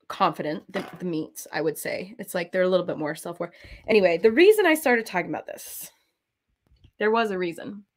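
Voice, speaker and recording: An American woman in her thirties hosting her cross-stitch channel, chatting casually in a rambling, giggly way, full of "like" and "um". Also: mid-range voice. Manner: rambling and giggly, full of "like" and "um", often trails into quick laughs. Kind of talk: chatty talk while stitching.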